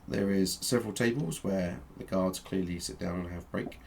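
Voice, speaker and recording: A man narrating as game master of a tabletop game, with halting delivery and plenty of fillers. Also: sits low, creaky, darkish tone, a little hiss or hum. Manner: halting, with frequent fillers and restarts.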